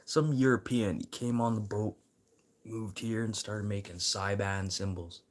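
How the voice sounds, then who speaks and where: A man rambling casually to his livestream viewers, swearing freely and swinging from low mutters to loud encouragement. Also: steady tone, measured pace.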